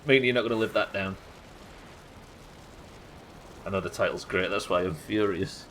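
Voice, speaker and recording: A man's voice: sits low, fast, a bit bright, slight background noise. A young man hosting a live game stream, bantering with chat in a sweary, exasperated way. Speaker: streamer host.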